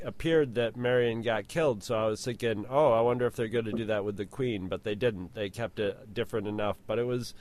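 A man co-hosting a podcast in casual chat, halting and rambling as he talks. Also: mid-range voice. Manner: halting and rambling, full of fillers and restarts. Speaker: podcast co-host.

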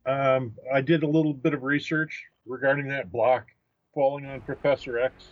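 A man co-hosting a comics podcast, explaining carefully with many pauses and fillers. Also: medium pitch, level tone, no room sound, lo-fi sound. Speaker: podcast co-host. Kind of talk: casual chat about comics.

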